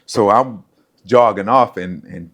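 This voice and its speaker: Taking his time in a lowish voice, a middle-aged former pro football player tells stories on a podcast. He's animated and acts out others' quotes in a casual, storytelling-style interview.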